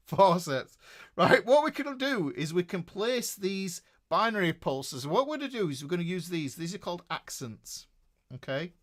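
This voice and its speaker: Brief: Northern English male guitar tutor, middle-aged, animated rising-and-falling delivery, fairly high voice, keeps checking in with viewers. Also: normal speed. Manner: chatty, self-correcting, checks in with listeners. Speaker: guitar teacher. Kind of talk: live-streamed guitar lesson.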